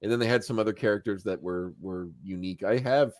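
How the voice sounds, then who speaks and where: A man hosting a casual podcast, recapping an animated episode as an animated storyteller who acts out quotes and chuckles as he goes. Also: lowish voice, fast talker, no echo, studio quality. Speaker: podcast host.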